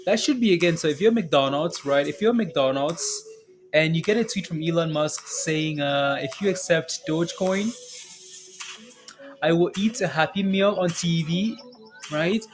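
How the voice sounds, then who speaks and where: Brief: male livestream market host, casual and chatty, slightly high voice, faint music underneath. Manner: chatty, repeats himself, ends points with "right?". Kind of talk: casual live chat greeting viewers.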